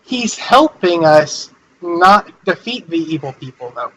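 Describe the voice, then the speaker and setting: A man playing a character in a tabletop game, animated and eager, talking in quick bursts. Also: fairly high pitch, husky, poor audio. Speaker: player. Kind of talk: tabletop role-play.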